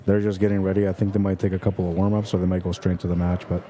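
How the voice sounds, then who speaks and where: A man's voice: low voice, little pitch movement, rapid-fire, dark tone. A man hosting a pool tournament livestream, chatting casually and directly to his viewers in a self-deprecating way. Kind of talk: casual chat and livestream commentary. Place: pool hall during a tournament.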